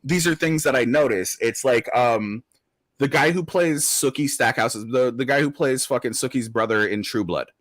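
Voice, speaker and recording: A man chatting loosely on a podcast, wandering through his thoughts with plenty of "like" and "um" and the odd curse. His voice sits at a middle pitch and is recorded close and dry. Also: normal speed, a bit bright, no room sound. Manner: rambling, swears, many fillers and restarts. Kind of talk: casual chat.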